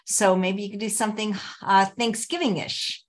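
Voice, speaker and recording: Female host, mid-pitched, gushing and friendly, wraps up the show. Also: fairly even intonation, moderate pace. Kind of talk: live show hosting.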